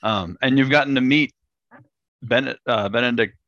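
A man's voice: mid-range voice, moderate pace, a bit bright, dry recording. A male host asking questions in an easygoing, casual chat and laughing often. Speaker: podcast host. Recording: dull lo-fi, dry.

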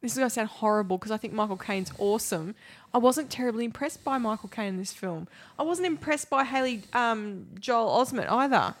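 Frank, higher-voiced woman in casual chat. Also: animated, fairly quick. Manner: frank, acts out quoted voices, laughs often. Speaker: podcast co-host.

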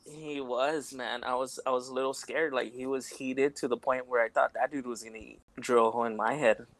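A man's voice: medium pitch, steady tone, a little fast, a bit bright, no room sound. A man co-hosting a podcast, chatting casually in a rambling way, full of "like" and "you know". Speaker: podcast co-host. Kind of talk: casual chat.

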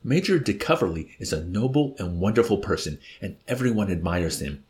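A man's voice: low voice, sing-song, a little fast, a little mellow. A man voicing an earnest, indignant nineteen-year-old idealist in an audiobook. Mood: reproachful. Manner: earnest, shocked, pleading. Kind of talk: audiobook character voice.

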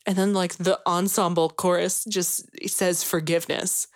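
A young woman co-hosts a casual podcast chat, rambling through a story packed with fillers like "like" and "you know," and turning gushing and emotional at the sad moments. Her voice is lowish and steady, a little slow, with clean studio sound and no echo.

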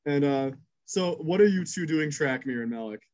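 A man running a tabletop game, slightly higher-voiced than most men. He narrates the chaos in bursts, swearing freely and padding the pauses with ums and uhs. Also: lively intonation, a little mellow, low-quality recording. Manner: rapid, crude narration full of fillers. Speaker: game master.

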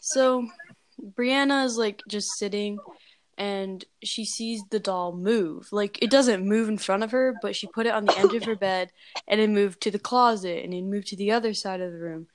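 A woman's voice: mid-range voice, moderate pace, noisy background. A woman casually telling a scary story, rambling with lots of fillers and valley-girl phrasing.

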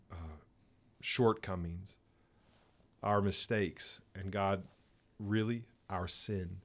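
Man, pastor, podcast co-host, earnest, emphatic, lowish voice. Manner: earnest, emphatic, repeats words when stressing a point. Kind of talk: spoken prayer and podcast discussion.

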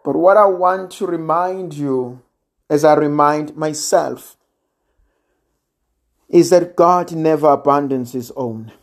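A preacher giving a sermon in a measured, gently emphatic way, pausing often. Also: mid-range voice. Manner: slow, measured, with gentle emphasis and long pauses.

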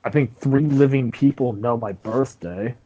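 A man's voice: mid-range voice, unhurried, warm tone, highs cut off. A man co-hosting a podcast, rambling casually with plenty of filler and swearing. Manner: rambling, profane. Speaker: podcast co-host. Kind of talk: casual chat.

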